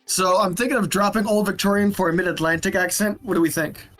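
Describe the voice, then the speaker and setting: A man's voice: high-pitched, quick pace, a bit bright, faint music behind. A man playing a tabletop game, joking around playfully with the table. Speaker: player. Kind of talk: casual chat at a tabletop game.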